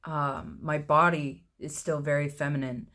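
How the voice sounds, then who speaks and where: A man in his thirties, chatting casually to camera in a personal vlog, with a low, mellow voice, laughing often at himself. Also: steady tone, a little slow. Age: 30s. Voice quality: low, mellow voice with little fluctuation. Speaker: vlogger.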